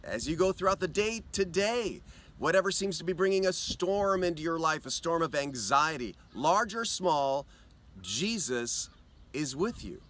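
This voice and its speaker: A man delivers a short devotional outdoors on a lakeshore, earnest and inviting. His voice sits fairly high and bright, with a lively rise and fall. He slows right down when he quotes scripture. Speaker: pastor. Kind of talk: devotional video talk.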